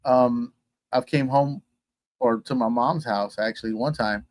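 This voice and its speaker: A man's voice: medium pitch, unhurried, dry recording. A man from Texas, a guest telling a personal story in casual conversation, acting out the voices he quotes.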